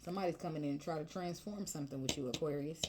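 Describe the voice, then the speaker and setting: A woman's voice: low voice, very fast, noisy background. A woman reading tarot cards in a chatty, emotional, colloquial way. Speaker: tarot reader.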